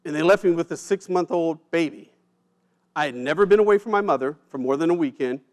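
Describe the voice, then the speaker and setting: A man giving a personal storytelling speech at an event, emotional, with dramatic pauses and quiet drops at heavy moments. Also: on the high side. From United States. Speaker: keynote speaker. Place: event stage.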